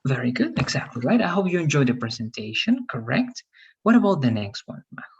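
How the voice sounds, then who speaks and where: Husky teacher giving patient feedback. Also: mid-range voice, big pitch swings, fairly quick, lo-fi sound. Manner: encouraging, correcting pronunciation patiently. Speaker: English teacher. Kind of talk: online class feedback.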